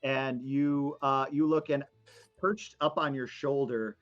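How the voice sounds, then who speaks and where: A man's voice: medium pitch, fairly even intonation, slow, lo-fi sound. A man narrating as dungeon master, rambling with lots of fillers. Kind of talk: narrating a tabletop game.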